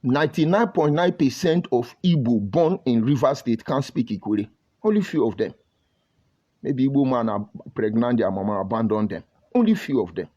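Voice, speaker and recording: At a moderate pace and medium pitch, a Nigerian-accented man speaks animatedly in a dark tone. As a commentator, he delivers an impassioned, scolding monologue full of rhetorical questions, captured in dull, lo-fi sound.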